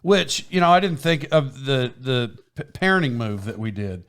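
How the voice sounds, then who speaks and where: A man hosting a podcast, telling a story in casual chat, rambling and animated, often laughing and restarting his sentences. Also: mid-range voice, normal speed. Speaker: podcast host. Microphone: microphone with foam windscreen.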